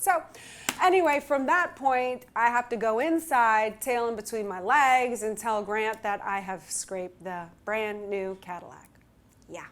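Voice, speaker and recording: A woman speaker candidly telling a personal story in an animated, self-mocking way. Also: a little high, a little hiss or hum. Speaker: relationship speaker.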